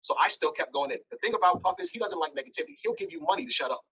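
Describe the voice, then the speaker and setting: A man's voice: high-pitched, very fast, husky, low-quality recording. A man speaking as an interview guest, telling a blunt, candid story and acting out the dialogue. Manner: blunt, animated, acts out dialogue.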